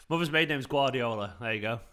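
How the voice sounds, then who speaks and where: Young guy doing a live footy watchalong, bright voice, chatty and laughy. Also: medium pitch, animated, fairly quick. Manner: casual, chatty, laughs while reading chat. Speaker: fan channel host. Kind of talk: live football watchalong commentary.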